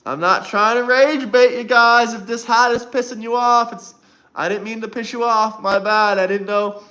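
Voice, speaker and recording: Hosting a casual livestream, a man teases his viewers and taunts his chat in a mocking manner. His voice is extremely high and sharp, steady in tone, at a normal speed.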